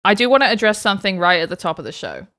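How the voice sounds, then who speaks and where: A woman's voice: mid-range voice, very animated, rapid-fire, sharp tone, dry recording. A woman co-hosting a casual podcast with a dry, teasing manner. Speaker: co-host.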